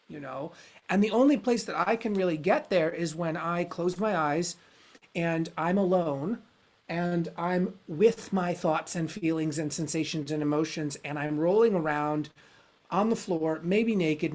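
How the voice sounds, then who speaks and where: A man hosting a podcast, talking through his ideas in a frank, rambling, searching way. He swears casually and circles back on his thoughts, keeping it relaxed and conversational. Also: a little high. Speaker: podcast host.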